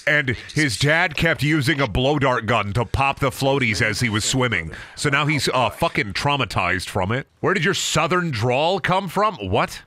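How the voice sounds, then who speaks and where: A young man with a Midwestern accent streaming a game, rambling and cracking profane jokes as he plays. His voice is bright and forward, and his pitch swings widely from low mutters to sudden high bursts. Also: expressive, moderate pace, few pauses. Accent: Midwestern American. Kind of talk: casual gaming commentary.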